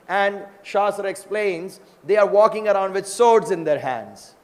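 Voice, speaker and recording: A man with a high, lively voice gives a scripture lecture at normal speed with few pauses, telling stories conversationally and frequently checking in with listeners through tag questions. A long reverb tail trails his words.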